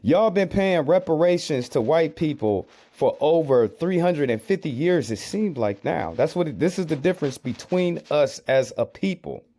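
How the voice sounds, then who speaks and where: American man, commentator, mellow voice, argumentative, repeats himself. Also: a little high, expressive, normal speed, hardly any pauses. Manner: rhetorical questions, repeats phrases, argumentative. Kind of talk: reaction commentary on clips.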